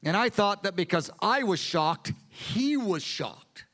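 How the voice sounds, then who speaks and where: A male pastor preaching a sermon with animated storytelling. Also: high voice, takes it slowly.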